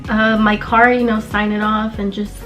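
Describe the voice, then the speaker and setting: A woman's voice: medium pitch, flat delivery, normal speed, a bit bright, faint music behind, poor audio. A young woman from Southern California telling a personal story in a casual, chatty way, full of fillers. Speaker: vlogger.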